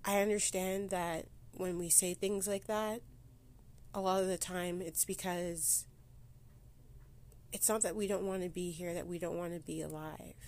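A woman speaks on a personal solo podcast while holding back tears. Her pitch stays flat and level. She talks haltingly, breaking off and restarting her sentences. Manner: halting, with many restarts and pauses. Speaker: podcast host. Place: sitting against a board indoors.

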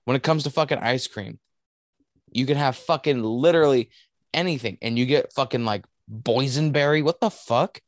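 A man's voice: mid-range voice, moderate pace, no echo, studio quality. Blunt, swearing young man. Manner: profane, blunt. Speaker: podcast co-host. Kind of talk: casual chat.

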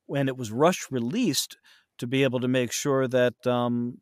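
A man's voice: mid-range voice, unhurried, dry recording, clean studio sound. A man who narrates audiobooks, chatting casually in an interview, rambling with many fillers and restarts.

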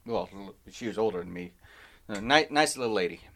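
A man's voice: fairly low pitch, brisk. A man telling a long, rambling personal story in casual chat with a friend, stopping and restarting his sentences. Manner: rambling, animated anecdote with self-interruptions. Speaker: podcast co-host telling a story.

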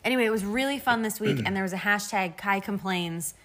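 A woman's voice: mid-range voice, a little fast. A woman co-hosting a casual podcast chat, reading tweets aloud and laughing often. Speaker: podcast co-host. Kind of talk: casual chat about a reality show.

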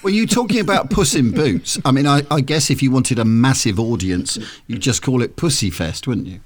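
Man, casual co-host chat, teasing, cheeky, very lively pitch. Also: fairly quick.

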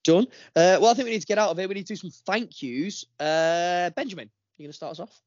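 A man's voice: sits high, fast talker, darkish tone, dry recording. Podcast host, man, loose and jokey, bit sick, muffled dry remote mic. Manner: joking, rambling, swears freely. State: slightly ill. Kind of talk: casual podcast chat. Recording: dry, dull lo-fi remote recording.

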